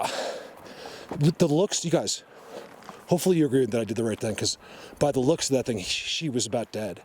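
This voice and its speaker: Emotional guy filming himself in the woods, soft coaxing voice, fretting to viewers, lots of outdoor noise behind. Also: mid-range voice. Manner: emotional, soothing and fretful, addresses viewers directly. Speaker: vlogger. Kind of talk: on-the-spot nature vlog.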